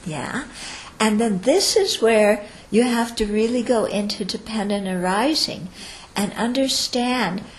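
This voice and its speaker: Slow, patient woman teaching in a roomy hall. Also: on the high side. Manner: patient, explanatory, keeps checking "okay?". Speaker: Buddhist teacher. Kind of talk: dharma talk to students. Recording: roomy echo.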